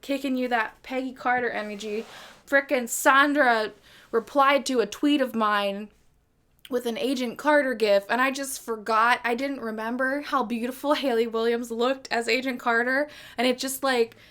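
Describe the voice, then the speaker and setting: A woman's voice: fairly high pitch, fairly even intonation, moderate pace, fairly bright tone. A woman hosting a live music stream, chatting in a bubbly, giggly, rambling way between songs. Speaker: host and singer-songwriter. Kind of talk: casual livestream chat between songs.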